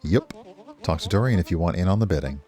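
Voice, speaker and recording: A man's voice: low-pitched, animated, quick pace, warm tone, faint music behind. Brief: a man reading a yawning, bored young shopkeeper in a cosy game. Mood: drowsy. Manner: bored, drowsy. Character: sleepy young male shopkeeper.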